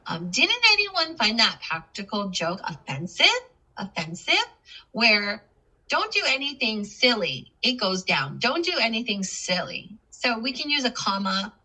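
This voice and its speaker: Bright-voiced woman teaching patiently. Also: mid-range voice, husky, low-quality recording. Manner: patient, checks in with frequent "okay". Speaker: ESL teacher. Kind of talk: classroom lesson on punctuation.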